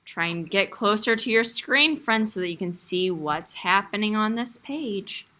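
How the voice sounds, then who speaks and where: Bright-voiced woman teaching online. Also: medium pitch, measured pace. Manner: warm, encouraging, expressive storytelling voice. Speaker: kindergarten teacher. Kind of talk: online class lesson. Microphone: video call.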